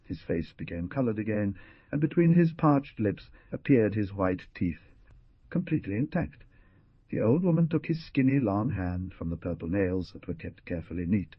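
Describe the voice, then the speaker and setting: Low, husky male audiobook narrator. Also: expressive, normal speed, no echo, dull audio. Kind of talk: scripted narration.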